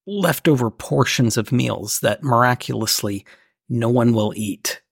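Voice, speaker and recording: A man with a Southern US accent co-hosting a casual podcast chat, with teasing, deadpan banter. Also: medium pitch, unhurried, vocal fry, breathy edge, no echo, clean studio sound. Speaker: podcast co-host.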